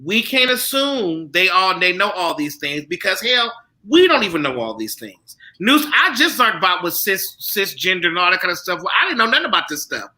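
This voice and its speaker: Male co-host, high and sharp-toned, animated and chatty. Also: fairly quick, poor audio. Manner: animated, conversational, repeats himself. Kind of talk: panel discussion.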